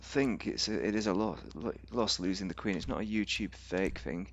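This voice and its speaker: A man's voice: fairly low pitch, normal speed, highs cut off. A man giving rambling, casual commentary on a game, thinking aloud with fillers and restarts. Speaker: game reviewer.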